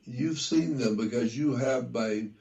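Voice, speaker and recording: Gravelly guy talking real slow, goes over the same details again and again, interview guest. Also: medium pitch, darkish tone, dull audio. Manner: slow, deliberate, repeats details for emphasis; spells out words letter by letter. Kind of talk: conversational interview.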